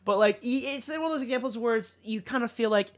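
A man's voice: extremely high pitch, quick pace. A young man co-hosting a podcast in casual chat, talking loosely with lots of fillers and repeated words. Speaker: podcast co-host.

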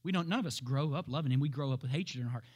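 A man preaching a sermon, emphatic and full of rhetorical questions, laughing at times and building up to shouted peaks. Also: medium pitch, racing.

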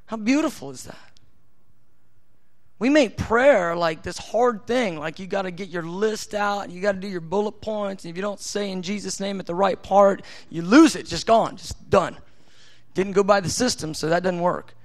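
A man preaching a sermon in an intimate, tender way, at times acting out God's voice softly. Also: sits high, normal speed.

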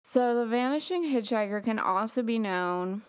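A woman's voice: on the high side, expressive, normal speed. A woman hosting a casual podcast, chatty and giggly, rambling with many fillers. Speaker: podcast host. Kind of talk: casual chat.

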